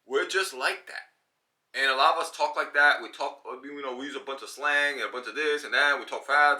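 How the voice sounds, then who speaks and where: New York man, vlogger monologue, slangy and animated, bright raised voice. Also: a little high. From New York City. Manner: animated, slangy, quick bursts with mimicked voices. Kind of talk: casual monologue to camera.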